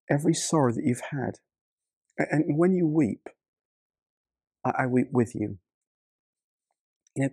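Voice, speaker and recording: Gravelly, warm-voiced male preacher. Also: a little high, dry recording, clean studio sound. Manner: earnest, repeats words and restarts often. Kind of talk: sermon.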